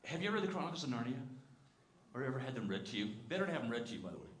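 This male preacher talks to his congregation in a church sanctuary, earnest and chatty, posing questions and now and then stumbling over repeated words. His mid-range voice comes out rapid-fire with big swings in pitch. The recording carries the sanctuary's echo.

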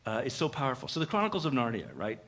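Man pastor giving a chatty sermon in a church, bright voice with some huskiness, lots of uhs. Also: medium pitch, very fast. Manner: conversational and animated, many "uh" fillers.

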